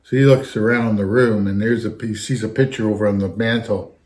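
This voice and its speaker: A man's voice: fairly low pitch, fairly even intonation, a little fast, a little mellow. A man, a retired fire captain telling a rambling anecdote in casual chat. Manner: rambling, anecdotal, keeps circling back with "anyhow". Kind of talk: casual storytelling.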